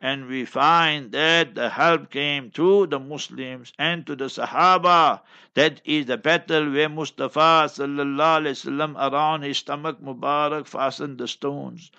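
A man's voice: fairly high pitch, fairly even intonation, measured pace, sharp tone, muffled recording. An older man with a South African accent hosting a religious talk show, giving emphatic news commentary with scolding asides. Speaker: Islamic radio talk host.

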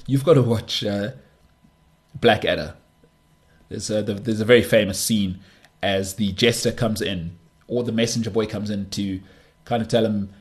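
A man's voice: lowish voice, normal speed. A man hosting a sports talk show, ranting emphatically and with exasperation, repeating words for stress. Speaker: podcast host. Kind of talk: solo sports talk rant.

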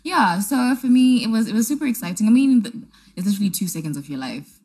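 A woman's voice: fairly high pitch, animated, quick pace, a little mellow, slightly rough. A woman co-hosting a casual chat show, joking and self-mocking. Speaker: co-host.

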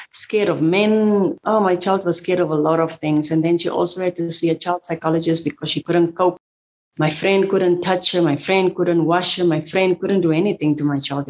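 A middle-aged woman recounts a painful personal story. Her voice sits low and stays fairly flat in pitch. She speaks haltingly, with fillers and repeated words. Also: poor audio. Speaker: survivor guest. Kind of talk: emotional personal testimony.

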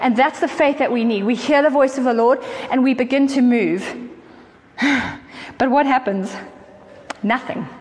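A woman preaching a sermon in an earnest, conversational way, with quick asides to her listeners. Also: sits high. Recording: faint hall reverb and noise.

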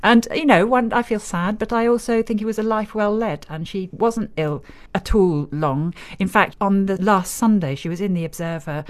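A woman's voice: medium pitch, moderate pace, few pauses. A woman hosting a books podcast, talking in a conversational, reflective way. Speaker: podcast host. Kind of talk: scripted podcast presenting.

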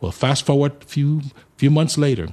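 A middle-aged man from Africa telling his life story as a charity founder in an interview, lively and acting out the people he quotes. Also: on the high side, normal speed.

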